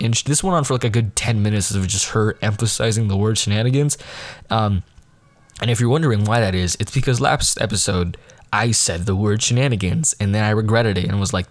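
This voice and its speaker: A man's voice: on the low side, moderate pace, no room sound. A teenage boy hosting his own podcast, rambling and self-deprecating, often losing his train of thought. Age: teens. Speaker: podcast host. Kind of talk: casual podcast monologue.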